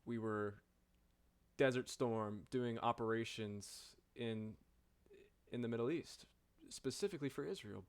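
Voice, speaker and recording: A man streaming a reaction to a video, speaking in a rambling, exasperated way and asking rhetorical questions. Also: mid-range voice. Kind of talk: casual reaction commentary.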